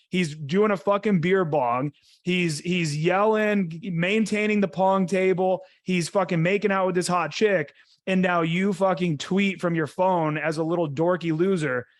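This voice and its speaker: A young adult man hosting a casual podcast, talking bluntly and emphatically with lots of swearing. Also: on the high side. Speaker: host.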